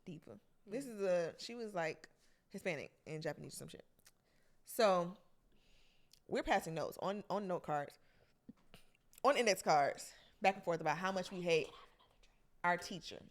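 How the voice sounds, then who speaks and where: A young woman co-hosting a podcast, telling a school story in a blunt, profane, casual way. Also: fairly low pitch. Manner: blunt and profane, quick reactions. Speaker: podcast co-host. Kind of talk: casual chat.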